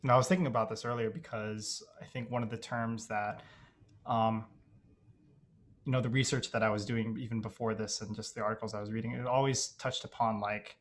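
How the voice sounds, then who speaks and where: A man's voice: lowish voice, steady tone, fairly quick. A young man raised in Dubai, guest on a casual podcast interview, talking in a hesitant, reflective way full of fillers. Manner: hesitant, reflective, heavy use of "like" and "you know".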